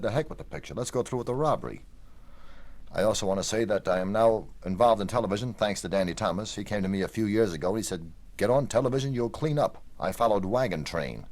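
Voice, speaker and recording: A comedian telling stories and one-liners in a dry, deadpan manner. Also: male voice, sits low. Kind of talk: stand-up storytelling.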